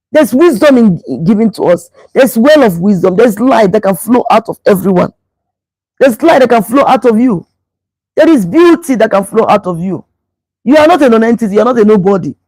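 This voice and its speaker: A woman's voice: fairly high pitch, darkish tone, no room sound, rough recording. A middle-aged woman pastor, preaching about relationships emphatically and repeating phrases to drive them home. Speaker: pastor and show host.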